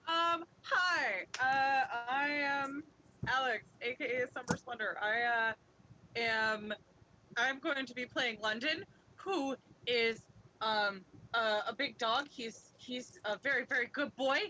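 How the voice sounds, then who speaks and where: A woman's voice: high-pitched, slow pace, pushed and bright, slight background noise, low-quality recording. A woman player chatting playfully and giggling during a tabletop game session. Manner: giggly, playful, self-deprecating. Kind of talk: casual tabletop game chat.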